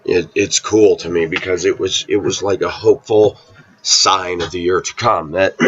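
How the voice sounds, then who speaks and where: A man telling a story in casual, rambling talk, often clearing his throat and repeating himself. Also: low voice, steady tone, unhurried, fairly bright tone, highs cut off.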